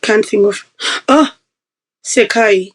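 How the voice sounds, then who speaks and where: On a podcast, a female guest shares a personal story in a relaxed, lively manner, imitating the voices of the people she quotes. Her pitch sits in the middle and she speaks slowly. The recording quality is low.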